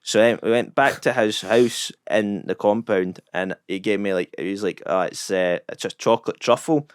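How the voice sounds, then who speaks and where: A Scottish man spins a long, sweary anecdote with deadpan self-mockery. His voice sits a little low and comes through smooth and clean. The sound is close and dry, with no room around it. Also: normal speed, dry recording. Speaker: comedian guest. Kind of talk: casual storytelling anecdote.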